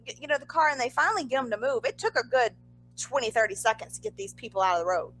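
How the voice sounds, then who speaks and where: A young woman chatting on a podcast as co-host, her voice high and bright. She tells a story with big swings in pitch and throws in exasperated asides. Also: expressive, fast, low-quality recording. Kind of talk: casual podcast chat.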